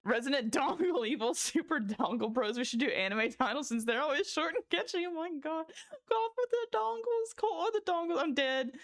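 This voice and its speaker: Young woman livestreamer, casual chat, somewhat high voice, giddy and laughing a lot, swears freely, close desk mic. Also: expressive, a little fast. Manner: giddy, laughing fits, cursing.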